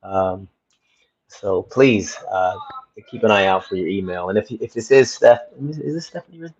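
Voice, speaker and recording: A man with a fairly low, slightly mellow voice talks at a normal speed while hosting a casual livestream from his phone at home. He chats with viewers in a rambling way and repeats himself, and the phone audio sounds slightly dull.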